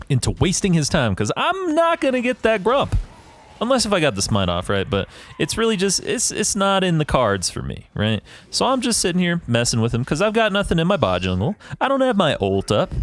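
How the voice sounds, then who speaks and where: Profane man ranting over his gameplay. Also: a little high. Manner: profane, ranting, self-assured; analytical, talks through his decisions. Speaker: gaming YouTuber reviewing his own match. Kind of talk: casual gameplay commentary.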